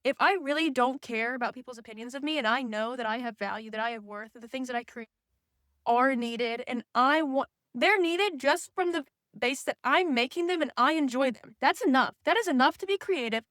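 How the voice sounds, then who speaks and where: A woman's voice: high voice, a little fast, fairly bright tone, no room sound, clean studio sound. A young woman vlogging in a casual, candid ranting way, often saying "like" and slipping into mocking voices. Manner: says "like" often. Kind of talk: casual chat.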